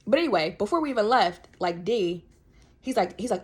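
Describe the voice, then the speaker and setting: A young woman telling a personal story on her podcast, animated and slangy, full of fillers. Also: medium pitch, brisk, husky. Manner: animated, slangy, many fillers, laughs often. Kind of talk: casual storytelling.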